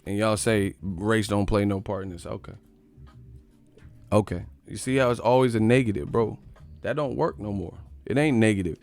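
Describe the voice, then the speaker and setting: A man hosting a boxing live stream, ranting in a profane, animated way and sometimes mocking others in put-on voices. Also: on the low side, normal speed, faint music behind. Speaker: boxing channel host.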